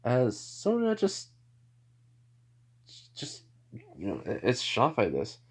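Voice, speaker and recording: A man's voice: medium pitch, wildly swooping pitch, slow pace, breathy edge. A man narrating a homemade fan story off the cuff. He rambles, restarts and fills gaps with "you know" and "like.". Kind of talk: improvised spoken fan fiction.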